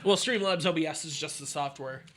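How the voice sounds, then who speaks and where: Casual podcast host, man, slightly high voice, reads listings aloud and trails off. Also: brisk, fairly bright tone, a little hiss or hum. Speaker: podcast host browsing the dark web. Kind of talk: casual chat.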